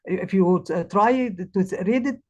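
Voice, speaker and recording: A woman who is a language teacher, presenting her project in English, halting and restarting as she searches for words. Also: mid-range voice, a little mellow, dull audio. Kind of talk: presentation talk.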